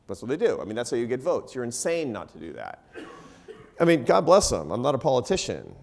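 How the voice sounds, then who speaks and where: A man's voice: mid-range voice, wildly swooping pitch, fairly quick, vocal fry. A middle-aged man from the United States telling a story on stage to a live audience, with laughs and self-deprecating asides. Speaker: panelist. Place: event hall before a live audience.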